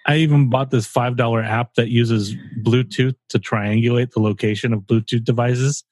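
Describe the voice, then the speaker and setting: Husky man rambling on a podcast. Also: medium pitch, fairly even intonation, moderate pace, a little mellow, dry recording. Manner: rambling, joking, swearing. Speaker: podcast co-host. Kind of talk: casual chat.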